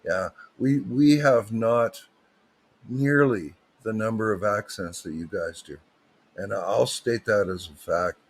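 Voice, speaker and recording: A man's voice: on the low side, takes it slowly, slightly rough. A man, hosting a livestream with rambling, joking, digressive chat. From Canada. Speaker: livestream host.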